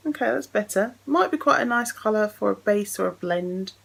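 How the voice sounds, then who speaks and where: A woman's voice: mid-range voice, expressive, moderate pace, vocal fry, slightly rough, rough recording. A woman chatting casually as she unboxes and swatches makeup, thinking aloud as she goes. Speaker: beauty vlogger.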